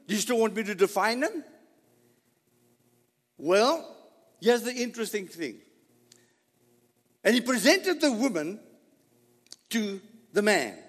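High lively preaching man in a hall. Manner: dramatic preaching with rhetorical questions and voiced dialogue. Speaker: pastor. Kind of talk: sermon.

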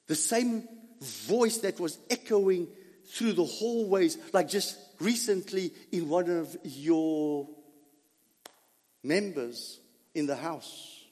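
A man preaching a dramatic first-person sermon monologue, emphatic, full of rhetorical questions and drawn-out words. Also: a little high, darkish tone, slightly rough, big-room sound.

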